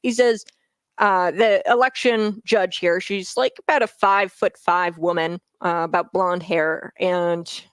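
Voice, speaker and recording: A woman's voice: on the low side, steady tone, unhurried, clear, resonant tone, no room sound. Worked-up woman talk host. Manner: heated, worked up, repeating phrases for emphasis. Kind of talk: opinionated political commentary.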